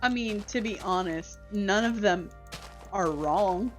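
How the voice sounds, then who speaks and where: Give me a woman with a mid-range voice trading blunt, wry quips in stream voice chat. Game music plays clearly under her. Her lines should land short and dry. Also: mid-range voice, slow pace. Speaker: stream guest player. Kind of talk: casual voice chat on a livestream.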